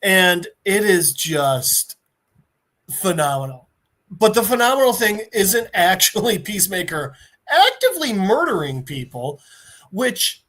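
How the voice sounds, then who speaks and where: A man on a podcast telling an episode scene by scene, his pitch swinging up and down as he slips into voices for each character. He talks casually, swears freely and breaks into laughter. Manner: animated storytelling with put-on character voices. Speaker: podcast host.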